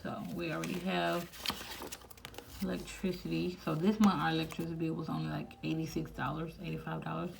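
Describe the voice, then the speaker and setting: A woman hosting a budgeting vlog, quietly counting cash aloud and chatting casually to viewers between counts. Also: deep voice, little pitch movement, brisk, creaky. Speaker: budgeting channel host. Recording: noisy home recording.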